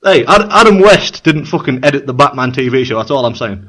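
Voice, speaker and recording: A man co-hosting a casual chat over a video call, sweary and excitable, often repeating himself. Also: medium pitch, brisk. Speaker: podcast co-host.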